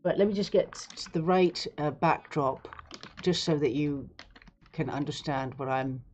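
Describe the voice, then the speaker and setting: A woman's voice: low-pitched, measured pace, a little mellow, highs cut off, a little hiss or hum. A woman hosting a live stream, talking in a rambling, sarcastic, digressive way. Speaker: livestream host. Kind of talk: casual live-stream commentary.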